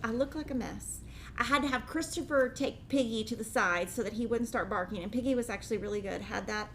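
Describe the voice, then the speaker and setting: A woman's voice: fairly high pitch, slight background noise. A middle-aged woman hosting a craft show, chatting casually to viewers and acting out the voices in her story with animation. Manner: animated, acts out her own and others' lines. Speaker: host of a cross-stitch show.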